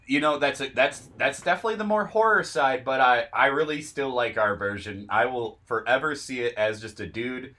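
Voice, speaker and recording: A man's voice: medium pitch, normal speed, few pauses, bright, forceful tone. Laid-back man co-hosting a podcast. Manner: laid-back, reads from an article, jokey asides. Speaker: podcast co-host. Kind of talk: casual chat.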